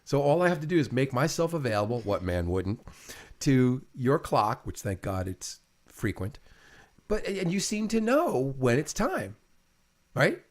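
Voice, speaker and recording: A man's voice: medium pitch, huge pitch swings, moderate pace. A middle-aged man in an intimate casual chat with his partner, rambling and repeating words, often emotional. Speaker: host interviewing his partner.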